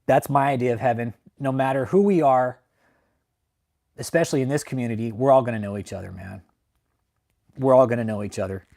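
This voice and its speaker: A man's voice: medium pitch, a little fast, vocal fry, long pauses, a little mellow. Swearing, rambling young man. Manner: heavy swearing, repeats "man" and "like", rambling and emotional. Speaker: channel host. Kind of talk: casual livestream talk to viewers.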